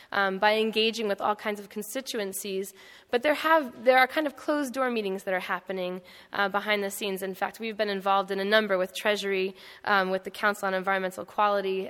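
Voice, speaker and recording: Bright-voiced woman speaking in a hall. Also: medium pitch. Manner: conversational, storytelling with frequent fillers and restarts. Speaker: panel speaker. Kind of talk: public talk at an event. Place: indoor hall. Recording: long hall reverb.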